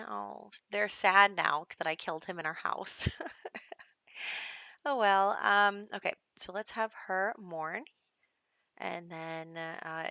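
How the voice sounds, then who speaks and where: A woman's voice: lowish voice, vocal fry, bright, forceful tone, no echo. A young adult woman giving casual, rambling commentary over a life-sim game, with lots of fillers and little laughs. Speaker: gameplay commentator.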